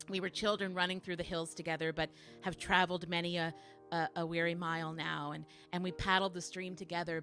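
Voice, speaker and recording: A middle-aged woman, a singer and show host, telling a story slowly and thoughtfully at home between songs on a livestream, with frequent restarts. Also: lowish voice, fairly bright tone. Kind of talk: casual spoken intro between songs on a livestream.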